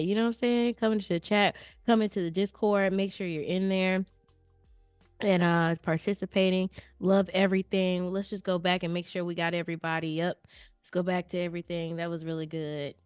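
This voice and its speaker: Chatty woman streamer, low voice, dry sound. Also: clear, resonant tone, no echo, dull audio. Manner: chatty and playful, addresses viewers directly, slangy. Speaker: livestream host reviewing viewer artwork. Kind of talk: casual live-stream chat. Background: faint background music.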